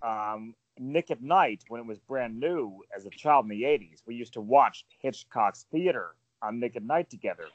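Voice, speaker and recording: A man in his forties hosting a casual panel chat, telling stories in an animated way with lots of fillers. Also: medium pitch, moderate pace, hardly any pauses, no echo, highs cut off. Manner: animated, storytelling, frequent fillers. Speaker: podcast panel host.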